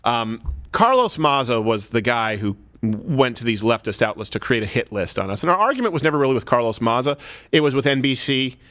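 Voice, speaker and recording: Sarcastic guy hosting a political comedy show, bright voice, swings up n down a lot. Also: mid-range voice, a little fast. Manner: sarcastic, animated, shouting for emphasis. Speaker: host.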